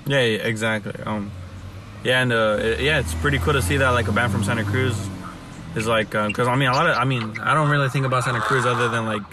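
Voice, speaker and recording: A man's voice: mid-range voice, steady tone, quick pace, recorded from a distance, background noise. A young man hosting a casual chat, rambling with lots of fillers, restarts and swearing.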